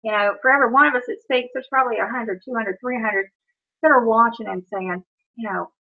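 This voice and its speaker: A woman's voice: on the high side, fairly quick. A woman vlogger talking casually to her viewers on a stream, rambling with lots of "you know" and restarts, and laughing between words. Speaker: YouTube vlogger on a live stream. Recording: dull lo-fi audio.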